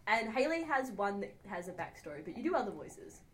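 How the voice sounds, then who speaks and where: A young woman co-hosting a casual chat podcast, chatty and quick to laugh. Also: mid-range voice, very animated. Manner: giggly, chatty. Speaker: podcast co-host.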